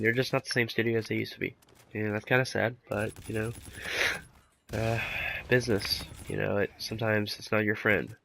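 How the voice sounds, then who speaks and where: A man with a low, gravelly voice, audibly sick and rough, talks through his gameplay in a loose, rambling way. A faint hiss of noise sits under his headset mic. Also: a bit bright. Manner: rambling, lots of fillers, laid-back. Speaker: gaming commentator. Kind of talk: casual gameplay commentary.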